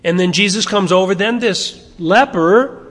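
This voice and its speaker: Male preacher, fairly high voice, talks it through with the room, long hall reverb. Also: unhurried, a bit bright. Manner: conversational, asking the listeners questions. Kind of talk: expository Bible teaching.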